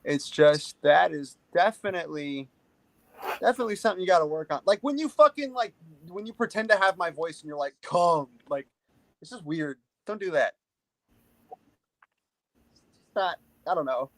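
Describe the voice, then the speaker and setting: A man's voice: high voice, no room sound, rough recording. A man in a casual podcast chat, talking bluntly with lots of swearing and filler words.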